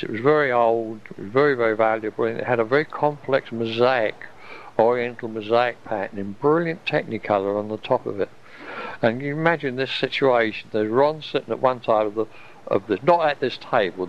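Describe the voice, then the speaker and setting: A man's voice: mid-range voice, a little hiss or hum. A man, telling a personal story in a rambling, wondering way, often restarting his sentences. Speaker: storyteller recalling an experience. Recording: dull lo-fi recording.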